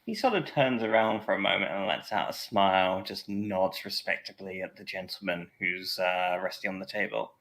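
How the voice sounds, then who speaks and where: Low bright-voiced guy running a tabletop game, lots of ums and sort-ofs. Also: moderate pace, few pauses. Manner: hesitant, many fillers and "sort of". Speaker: game master.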